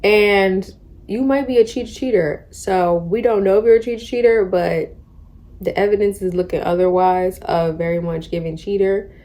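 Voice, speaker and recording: A young woman in her twenties chats about a book she has been reading, slangy and animated as she retells it. Her voice is warm and mellow, and her pitch sits in the middle range for a woman. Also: normal speed. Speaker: book vlogger. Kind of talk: casual book discussion.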